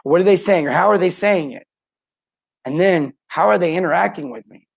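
A man's voice: sits high, a little fast, vocal fry. Fired-up man coaching plumbers live. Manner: energetic, talks to viewers by name, acts out customer lines. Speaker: podcast host and plumbing sales coach. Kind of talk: live-streamed coaching talk.

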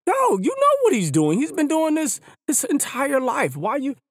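A man hosting a podcast, talking casually and at length in an animated, slangy way, often repeating words. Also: very high-pitched, moderate pace, dry recording, clean studio sound. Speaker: podcast host. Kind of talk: casual opinion monologue. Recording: hip hop music underneath. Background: hip hop music.

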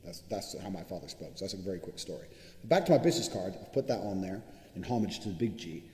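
Brash, fast-talking man in an echoey room. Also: low voice, lively intonation, warm tone. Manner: brash, boastful, swears constantly. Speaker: vlogger giving money advice. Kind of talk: profane motivational monologue. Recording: echoey room with long reverb.

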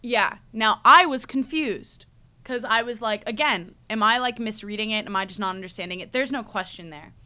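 A young woman talks casually as a podcast host, her voice bright and forward. She tells stories in a loose, rambling, animated way and sprinkles "like" throughout, sounding like a student talking with friends. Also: on the high side, moderate pace. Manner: rambling, animated storytelling with frequent "like" and laughs. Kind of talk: casual chat.

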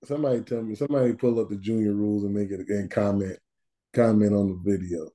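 A man co-hosting a podcast in casual chat, animated and slangy, laughing often. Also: on the low side, fast talker. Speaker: podcast co-host.

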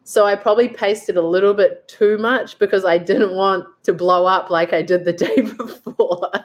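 At a moderate pace and in a mid-range voice, captured with lo-fi sound, a young woman from New Zealand tells a story. A fitness coach and athlete appearing as a guest, she's chatty, full of "like," and acts out what she thought.

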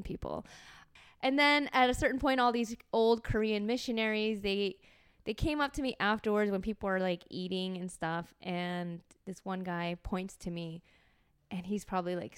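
Brief: woman in her forties, podcast host, animated comedic storyteller with a smooth, clear voice. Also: medium pitch, no echo, studio quality. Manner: animated, profane, acts out quotes.

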